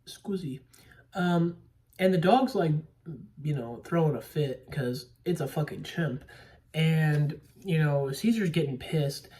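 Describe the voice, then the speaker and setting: A man's voice: fairly high pitch, slow, darkish tone. A young man casually recapping a movie plot, rambling with lots of fillers and the odd swear word. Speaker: movie podcaster. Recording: voice a bit distant from mic.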